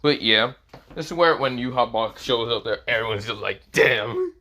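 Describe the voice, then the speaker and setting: A man's voice: mid-range voice, moderate pace, sharp tone. A young man improvising a fan-fiction story in casual narration. He rambles, leans on fillers, and swears freely.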